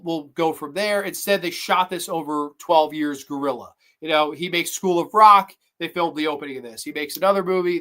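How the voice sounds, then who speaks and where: A woman's voice: on the low side, fairly bright tone. A woman hosting a movie review show, ranting bluntly and with lots of swearing about a film she dislikes. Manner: profane, blunt, exasperated. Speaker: movie review podcast host.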